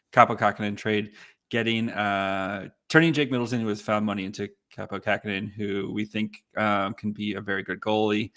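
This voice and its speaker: A man's voice: on the low side, fairly bright tone. A man co-hosting a casual live podcast, recapping in a rambling way with lots of fillers. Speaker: podcast co-host.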